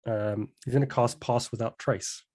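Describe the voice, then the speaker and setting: Man, tabletop player, measured narration of his character, mid pitch. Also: fairly even intonation, darkish tone.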